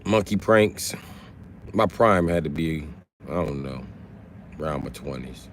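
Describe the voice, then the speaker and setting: An animated, unhurried man in his late 30s streams casually over slight background noise. Reading the chat out loud, he trash-talks viewers with swearing and shouted high bits.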